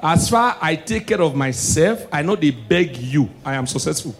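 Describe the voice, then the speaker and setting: A Nigerian man performs stand-up comedy in a noticeably high voice. He moves between low, confiding asides and loud, shouted punchlines. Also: expressive, normal speed.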